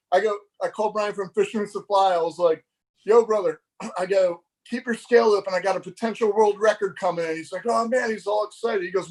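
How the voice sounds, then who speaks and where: High-voiced animated male storyteller. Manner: animated, laughing, acts out dialogue. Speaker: fishing magazine editor, guest. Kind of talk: casual storytelling on a live show.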